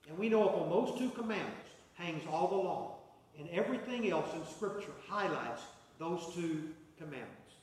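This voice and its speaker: A man's voice: fairly high pitch, lively intonation, moderate pace, a little hiss or hum. A man preaching a sermon as pastor, earnest, with a repeating cadence. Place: church sanctuary. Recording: echoey hall, mic far off.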